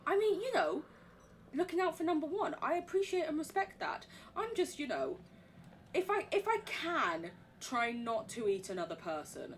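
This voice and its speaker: A woman's voice: on the high side, sing-song, fairly quick, a little hiss or hum. Chatty English woman streaming a game. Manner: chatty and rambling, swears casually, laughs often. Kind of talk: live gameplay commentary, reading in-game notes aloud.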